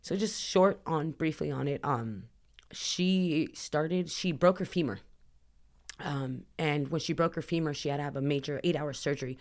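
A woman's voice: deep voice, moderate pace, darkish tone. A woman as a podcast guest, earnestly telling a personal story in a rambling way, full of "like" fillers. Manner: earnest, emotional retelling.

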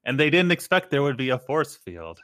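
A man's voice: mid-range voice, big pitch swings, moderate pace, a bit bright, no room sound, clean studio sound. A man co-hosting a podcast, chiming in with short jokes and questions. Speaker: podcast co-host. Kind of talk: casual chat.

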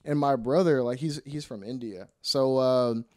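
A man's voice: medium pitch, moderate pace, a little mellow. A man telling a story in casual chat, laid-back, saying "bro" a lot.

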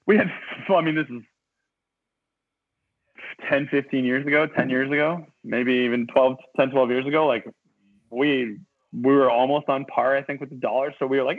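A man's voice: mid-range voice, moderate pace, long pauses, no room sound. Laughing Canadian man on a tinny line. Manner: laughing, animated storyteller. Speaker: guest chef. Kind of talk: casual chat. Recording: tinny phone-like sound.

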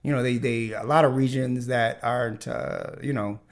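A man's voice: mid-range voice, steady tone, normal speed. A man hosting a casual podcast chat, talking with many fillers and restarts. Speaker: podcast host.

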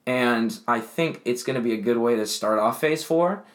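A man's voice: mid-range voice, normal speed. Young guy podcast co-host, chatty, laughs a lot, restarts his sentences. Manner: animated, laughs often, rambling restarts. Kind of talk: casual chat.

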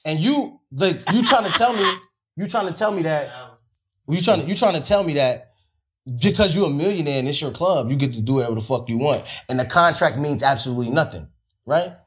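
A man's voice: fairly high pitch, animated, brisk, a bit bright. A man telling a story in a casual podcast conversation, insistent and full of repeats. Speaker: podcast guest.

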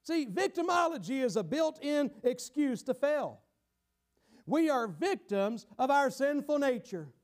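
A man preaching a sermon in a dramatic style, acting out the voices of a guilty sinner and sometimes shouting for emphasis. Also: very high voice, sing-song, unhurried.

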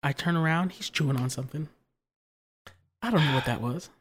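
Co-host, mid-range voice, animated exasperated storytelling in casual chat. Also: medium pitch, fairly quick, breathy edge. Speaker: podcast co-host.

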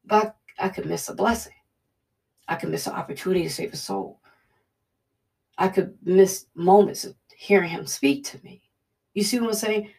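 A woman preacher gives a devotional teaching in an earnest, conversational style, repeating her points often. Her mid-range voice is creaky, moves at normal speed, and pauses frequently.

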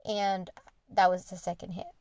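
A woman's voice: mid-range voice, flat delivery, normal speed, a little mellow, clear, resonant tone, dry recording. A young woman hosting a podcast, candidly retelling a personal story in an earnest, conversational monologue. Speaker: podcast host.

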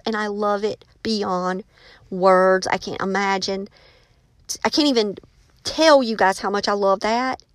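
A woman's voice: medium pitch, no room sound. A woman who writes children's books and teaches, chatting casually and enthusiastically to her viewers. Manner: enthusiastic, gushing. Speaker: children's book author.

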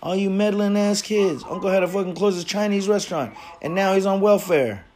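Brief: male host, slightly high voice, rowdy and animated, swears a lot, casual chat. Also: brisk. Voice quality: loud, profane and animated. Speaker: host of a smoking stream show. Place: garage.

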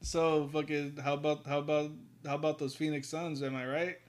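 A man's voice: fairly high pitch, flat delivery, fairly quick. A young man on a podcast, telling stories in casual chat, swearing a lot and playing up mock anger. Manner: profane, mock-angry storytelling.

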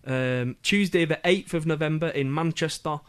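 A man from Yorkshire with a Yorkshire accent, running through event listings on the radio. He talks in a loose, chatty way, with ums and jokey asides. His voice sits a little high for a man. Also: normal speed, a bit bright, clean tone. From Yorkshire, England. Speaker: radio presenter.

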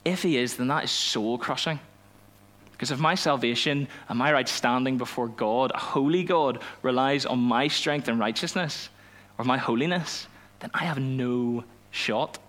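A young man, a youth pastor telling a personal story in a sermon, animated and self-mocking, acting out the dialogue. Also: medium pitch, normal speed. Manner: animated storytelling, laughs at himself, acts out dialogue.

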